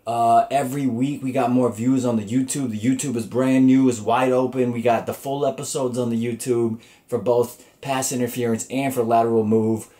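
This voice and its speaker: A man's voice: mid-range voice, little pitch movement, normal speed, few pauses, mellow. A man hosting his own comedy podcast alone, talking loosely and profanely with lots of fillers and restarts. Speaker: podcast host. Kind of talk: casual solo podcast talk.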